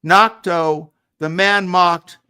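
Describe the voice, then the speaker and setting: Brash male host with a bright, slightly high voice who keeps cutting in to run a rowdy live panel. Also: fairly even intonation, very slow, clear, resonant tone, no echo, clean studio sound. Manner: interrupting, brash, swearing. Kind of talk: heated live panel moderation.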